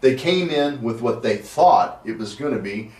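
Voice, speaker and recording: A man's voice: medium pitch, animated, moderate pace, distant mic. A man hosting a casual interview, teasing his guest and laughing often. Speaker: show host. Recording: echoey room, off-mic.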